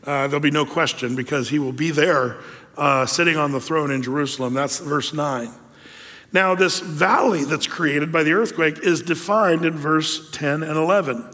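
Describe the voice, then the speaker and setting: A male pastor preaches in a relaxed, conversational way, sprinkling in lots of fillers and asides. His voice is a little high for a man, he talks at normal speed, and a long reverb suggests a church hall.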